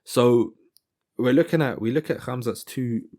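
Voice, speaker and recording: A man's voice: mid-range voice, unhurried, warm tone. A man giving casual fight commentary in a rambling style, often stopping to correct himself. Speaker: MMA commentator.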